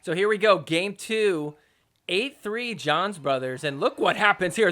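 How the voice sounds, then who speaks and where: Young male sports podcast host; high, bright tone; excitable, joking recap with mock outrage. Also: unhurried. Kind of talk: casual sports recap commentary.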